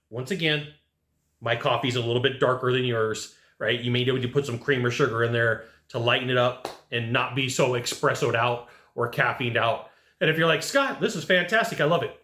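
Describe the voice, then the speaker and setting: A man giving an energetic sales training talk, punchy and animated, acting out little exchanges with customers. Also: fairly high pitch. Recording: echoey room.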